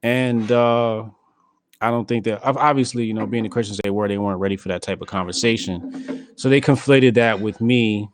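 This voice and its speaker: A man's voice: fairly low pitch, normal speed, slight background noise. A man with a New Jersey accent hosting a casual podcast chat, telling stories bluntly and with profanity. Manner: blunt, profane, storytelling with acted quotes. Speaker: podcast host.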